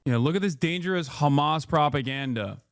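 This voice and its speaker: A man's voice: a little high, expressive, moderate pace, dry recording. A man giving heated, profane political commentary to his stream. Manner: heated, profane, shouting bursts.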